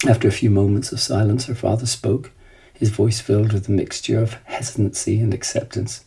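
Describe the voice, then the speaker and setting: Gravelly, husky male storyteller. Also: lowish voice, steady tone, brisk, dark tone, low-quality recording. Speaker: narrator. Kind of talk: scripted storybook narration.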